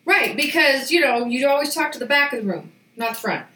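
A woman's voice: high-pitched, lively intonation, a little fast, bright, forceful tone. A woman co-hosting a casual podcast and working as a voice coach, laughing often and teasing her co-host. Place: small home studio. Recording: roomy sound, a little far from the mic.

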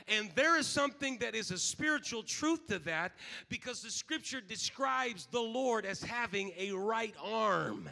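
A man preaching a sermon, shifting between shouted exhortation and quiet scripture reading. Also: high-pitched, normal speed, gravelly.

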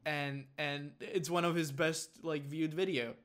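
A man hosting a casual podcast, chatty and quick to laugh as he trades stories. His voice sits a little higher than most men's. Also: steady tone, a bit bright, smooth. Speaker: podcast host.

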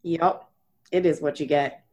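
A woman's voice: deep voice, steady tone, measured pace, darkish tone. A woman in casual chat, blunt and wisecracking, swearing freely as she reacts to a story. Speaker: podcast co-host.

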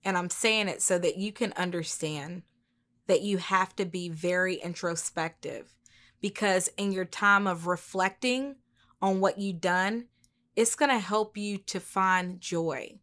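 A woman's voice: on the low side, a little slow. Encouraging woman podcast host. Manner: warm, encouraging, repeats phrases for emphasis. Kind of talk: casual motivational podcast chat.

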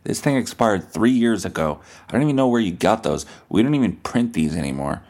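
A man's voice: fairly low pitch, lively intonation, fairly quick, darkish tone. A man voicing a rude, impatient male car wash worker who snaps dismissively. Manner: snapping, dismissive.

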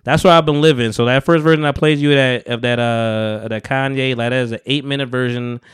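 A man hosting a podcast in relaxed, slangy casual chat, joking and laughing with his guest. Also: mid-range voice, a little fast, smooth, no room sound, clean studio sound. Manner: laid-back, joking, slangy. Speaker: podcast host.

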